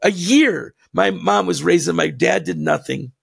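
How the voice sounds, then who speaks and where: Gravelly, husky man ranting hotly. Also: high-pitched, unhurried. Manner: heated and blunt, laughing between jabs. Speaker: podcast co-host. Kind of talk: impassioned ranting podcast talk.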